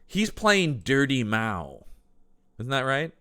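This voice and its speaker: An animated man co-hosting a casual film-review podcast. His voice is smooth and resonant and swings widely in pitch as he jokes and laughs. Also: takes it slowly. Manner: animated, laughs often, jokey asides. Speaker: podcast co-host.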